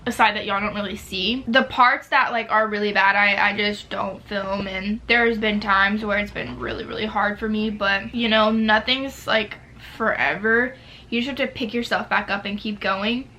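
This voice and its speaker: A woman's voice: medium pitch, steady tone, normal speed, bright, forceful tone, slight background noise. A nineteen-year-old woman chatting casually through a Q&A while eating at home, with lots of filler words. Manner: chatty, filler-heavy, talks with mouth full. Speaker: YouTuber. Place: home near a street.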